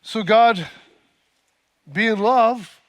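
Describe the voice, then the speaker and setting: A man's voice: high voice, very slow, a bit bright. A man preaching a sermon as pastor, telling a story with fillers and repeated words before building to emphatic peaks.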